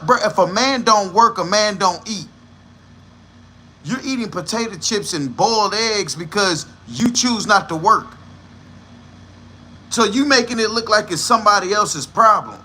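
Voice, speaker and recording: A man's voice: high voice, pushed and bright, a little hiss or hum. A man hosting a livestream, giving blunt, profane and scornful reaction commentary. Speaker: livestream host.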